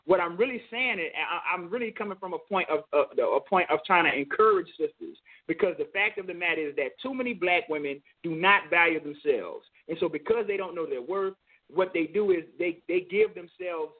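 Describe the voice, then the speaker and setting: This co-host of a call-in talk show has a high-sitting voice and moves at a moderate pace. He speaks emphatically, circles back to the same phrases, and keeps asking "you know what I'm saying," all through a tinny phone line.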